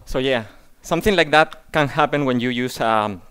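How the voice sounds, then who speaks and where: A man from Spain giving a tech conference talk in a halting way, often repeating words. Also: medium pitch, very noisy. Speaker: conference speaker.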